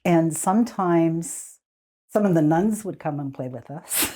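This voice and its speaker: Lively older woman telling stories. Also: sits low, a little slow. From Squamish Nation, Canada. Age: 70s. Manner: animated, laughing, restarts sentences. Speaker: community elder guest. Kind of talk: conversational storytelling.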